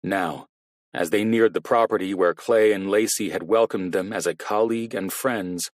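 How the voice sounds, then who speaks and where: A man narrating a thriller audiobook in a measured, even reading. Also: sits low, dry recording, clean studio sound. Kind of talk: scripted narration.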